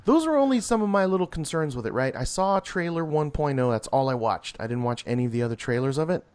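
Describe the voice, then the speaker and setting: A man's voice: fairly high pitch, animated, fast, a little mellow. A man in casual conversation about movies, rambling and laughing often as he talks.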